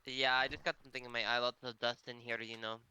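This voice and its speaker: Male player, very bright and smooth voice, playful teasing. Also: mid-range voice, flat delivery, quick pace, no echo. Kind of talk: casual tabletop play.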